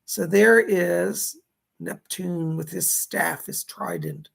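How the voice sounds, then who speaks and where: This high-pitched man speaks slowly, his tone a bit bright and slightly rough, with vocal fry creeping in. He's running a psychic astrology livestream at a computer keyboard setup, chatting easily while reading and replying to viewer comments.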